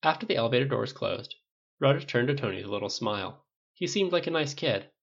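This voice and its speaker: Gravelly man reading a story aloud. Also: mid-range voice, fast talker, dull audio. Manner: lively reading, voices raised for dialogue. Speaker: audiobook narrator. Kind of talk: fan fiction audiobook reading with voiced characters.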